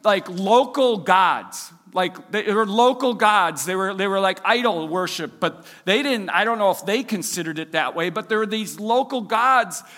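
A man's voice: high voice, lively intonation, moderate pace, hardly any pauses, sharp tone, big-room sound. A Minnesotan man preaching a sermon as pastor in a casual, chatty way, full of fillers and self-deprecating asides. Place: church service hall.

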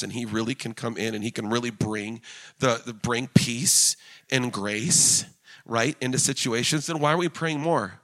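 Lively pastor preaching casually. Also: male voice, mid-range voice. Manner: conversational, storytelling, bursts of excitement. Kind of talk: sermon.

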